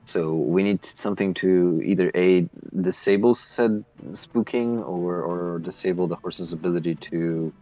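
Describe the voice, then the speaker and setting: A man's voice: sits low, measured pace, a little mellow, highs cut off, soft background music. A man playing in a tabletop game, talking casually and hesitantly with many fillers. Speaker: tabletop player.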